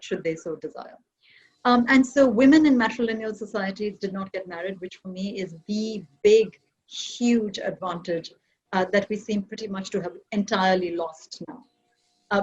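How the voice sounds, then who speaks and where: A woman's voice: medium pitch, a little mellow, breathy edge, lo-fi sound. A woman from Kerala, India, speaking on an online panel in a reflective, argumentative academic manner.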